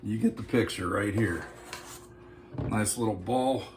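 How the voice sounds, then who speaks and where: A man's voice: on the low side, measured pace, reverberant, a little hiss or hum. A man demonstrating a recipe in a casual cooking vlog, folksy and joking as he talks straight to his viewers. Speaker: home cooking vlogger. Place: home kitchen.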